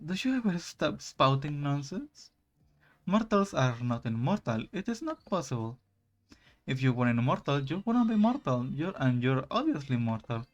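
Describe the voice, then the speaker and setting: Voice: medium pitch, sing-song, normal speed, lo-fi sound, close to an everyday voice. A player voicing a blunt, sarcastic grim reaper. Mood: exasperated. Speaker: visual novel character. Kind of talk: reading game dialogue aloud.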